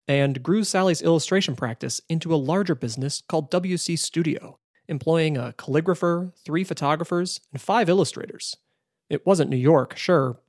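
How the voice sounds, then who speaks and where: A male narrator telling a documentary story in a measured, scripted way. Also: fairly high pitch, darkish tone, dry recording, studio quality.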